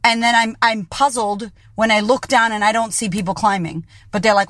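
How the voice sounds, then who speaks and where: A woman's voice: medium pitch, steady tone, fairly quick, hardly any pauses, fairly bright tone, no room sound, studio quality. A woman podcast host and coach giving a blunt, profane motivational monologue. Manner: blunt and profane, keeps it real.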